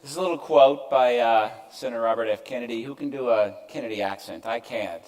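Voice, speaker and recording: A man's voice: medium pitch, a little fast, hardly any pauses, a little mellow, poor audio. An older man giving a conference presentation to an audience, conversational with self-deprecating asides. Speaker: keynote speaker. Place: event stage before an audience.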